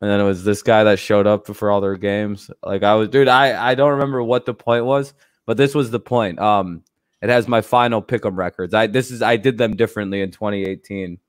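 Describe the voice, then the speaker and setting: A man's voice: fairly low pitch, fairly quick, clear, resonant tone, dry recording, studio quality. A man hosting a casual livestream, rambling loosely and swearing freely, with frequent laughs. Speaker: streamer host.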